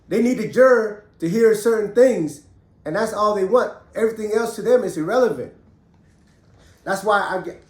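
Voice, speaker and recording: A man's voice: high-pitched, darkish tone, roomy sound. A middle-aged man and former prisoner telling his own story bluntly and with heat, swearing freely. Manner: blunt, profane, emphatic, heated. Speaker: ex-convict storyteller. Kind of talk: candid personal storytelling.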